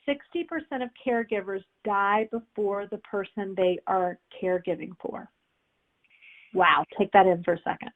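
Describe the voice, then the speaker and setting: A woman teaching a webinar on public speaking, energetic and repetitive, often asking "right?" to check in. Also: fairly high pitch. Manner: energetic, repeats key phrases, says "right?" often. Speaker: speaking coach. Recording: tinny phone-like audio.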